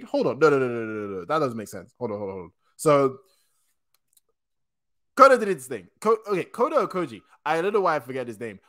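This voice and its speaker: A young man hosting a casual manga reaction, excitable and slangy, often stopping to correct himself. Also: mid-range voice, a little fast. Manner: excitable slangy chatter, frequent restarts.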